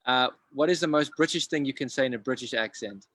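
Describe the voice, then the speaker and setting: A man with a mid-pitched voice asks his questions quickly over a video call. He fires them off one after another in a casual interview. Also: a bit bright. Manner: quick, rapid-fire questions. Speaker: interview host.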